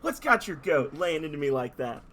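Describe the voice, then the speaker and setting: Man doing a gruff Aussie dolphin monster. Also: a little high, big pitch swings, normal speed, heavily acted. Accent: put-on Australian. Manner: gruff, threatening, loud. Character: bullying male ice dolphin monster, gruff tough-guy.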